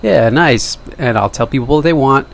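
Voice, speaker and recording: A man's voice: mid-range voice, moderate pace, gravelly, a little hiss or hum. A young man talking casually to camera in a rambling monologue, joking at his own expense and wandering into side remarks. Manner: jokey, self-deprecating, wandering asides. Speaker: vlogger.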